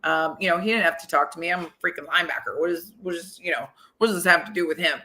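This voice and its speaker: A woman guest on an interview podcast, a football coach, telling stories in an animated, chatty way with many "like"s and "you know"s. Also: on the low side, fast talker. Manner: animated, retells conversations with lots of "like" and "you know". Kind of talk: conversational interview storytelling.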